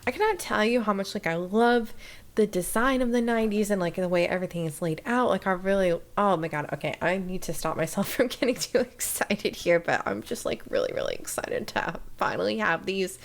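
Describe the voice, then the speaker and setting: Excited chatty young woman vlogger. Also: medium pitch, fairly quick. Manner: excited, chatty, full of "like" fillers. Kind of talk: unboxing and reaction vlog.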